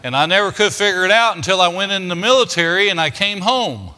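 An older man, his voice high and very bright. He tells stories in a folksy, homespun way, with many "uh" fillers. His words ring with the long reverb of a big church hall. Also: animated, fast. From Kentucky, United States. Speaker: preacher. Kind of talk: storytelling sermon.

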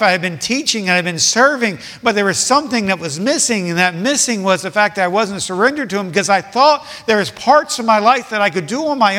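A man preaching a sermon with passion, repeating his points and swinging between soft and loud. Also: high-pitched, big-room sound.

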